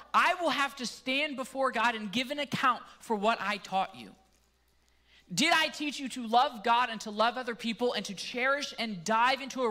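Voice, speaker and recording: Male pastor with a Canadian accent, bright and forceful, relaxed and jokey in the pulpit. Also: very high voice. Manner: casual, joking asides. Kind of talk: sermon.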